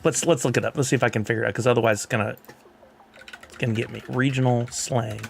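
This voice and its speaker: A man's voice: mid-range voice, steady tone, fast talker, vocal fry, slight background noise. A man with a Texan accent chatting casually on a live stream, rambling and laughing often while reading chat.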